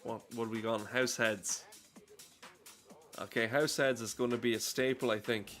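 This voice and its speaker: A man's voice: medium pitch, steady tone, normal speed, fairly bright tone, soft background music. Irish man ranting while gaming. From Ireland. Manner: ranting, profane, rambling. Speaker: streamer. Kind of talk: casual gameplay commentary. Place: at home.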